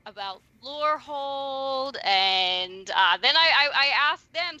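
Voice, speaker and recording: A woman's voice: high voice, expressive, slow pace, hardly any pauses, bright, forceful tone, no echo, dull audio. A woman playing a tabletop game, chatty and stammering, often laughing. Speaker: player.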